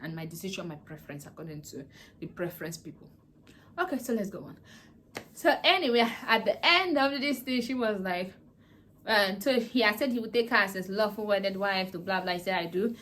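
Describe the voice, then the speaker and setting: A woman's voice: medium pitch, expressive, fairly quick, a bit bright, a little hiss or hum. A woman vlogger casually recapping a drama series, animatedly acting out the characters' lines. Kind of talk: casual chatty plot recap.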